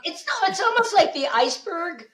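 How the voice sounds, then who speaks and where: A woman speaking coach, a guest on a podcast, telling animated stories and acting out the dialogue. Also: extremely high pitch, normal speed, over a noisy crowd. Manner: animated storyteller, acts out quoted dialogue. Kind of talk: lively podcast conversation.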